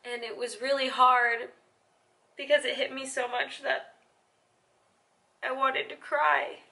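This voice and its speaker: A young adult woman speaking in a confessional vlog, halting and emotional, sometimes dropping to near-whispers. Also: high-pitched, fairly even intonation, gravelly, bright, forceful tone. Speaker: vlogger.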